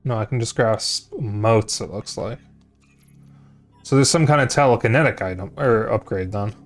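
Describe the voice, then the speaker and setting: A man's voice: lowish voice, moderate pace, faint music behind. A sleepy man streaming a video game, rambling and muttering to himself with frequent restarts. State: sleepy, yawning. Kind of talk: casual gaming commentary.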